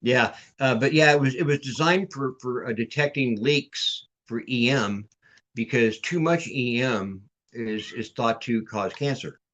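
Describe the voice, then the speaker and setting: A man's voice: mid-range voice, measured pace, a bit bright. A man guest on a podcast, casually telling a long story over a video call, restarting and repeating words as he goes.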